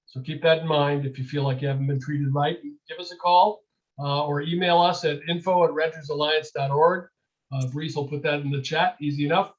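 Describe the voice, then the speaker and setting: A man runs a renters' town hall and gives direct, practical pointers, with a few uhs along the way. His voice sits fairly high for a man. The audio is dull and lo-fi. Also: fairly even intonation, fairly quick. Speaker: host of a renters' group meeting.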